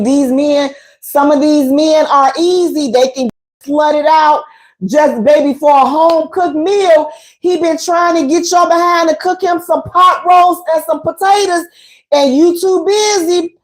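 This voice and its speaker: Hosting a radio talk show, a high-pitched woman talks frankly and colloquially about relationships to a live audience, speaking straight to her listeners. Her delivery is sassy and animated, with preachy, dramatic emphasis.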